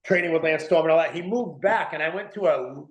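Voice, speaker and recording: A man's voice: on the high side, fairly quick, dull audio. A man, talking casually as a podcast guest, rambling with lots of "like" and "dude". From New England. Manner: rambling, heavy use of "like" and "dude". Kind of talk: casual interview chat. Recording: echoey room.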